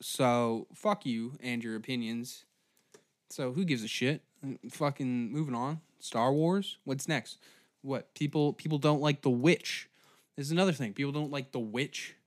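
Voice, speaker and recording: A man tears into his targets in a comedic rant, cursing constantly and mocking them. His voice sits at an ordinary pitch, and it is recorded dry and close with no room sound. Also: unhurried, no echo. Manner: profane, shouting, mocking. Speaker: comedy podcast host.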